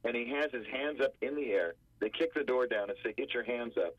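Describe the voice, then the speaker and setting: Attorney guest calling in by phone, a husky man who acts out quotes, a muffled and dry line. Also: medium pitch, brisk, no room sound. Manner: animated storyteller acting out quotes. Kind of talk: radio phone interview storytelling. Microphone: telephone.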